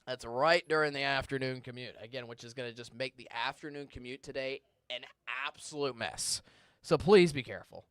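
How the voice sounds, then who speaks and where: A man's voice: medium pitch, steady tone, a little fast, hardly any pauses, pushed and bright, clean tone, no echo. A male TV meteorologist in a studio, answering viewer questions in a live, conversational weather broadcast and sometimes stumbling over words. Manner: stumbles and restarts when searching for words. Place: TV station studio.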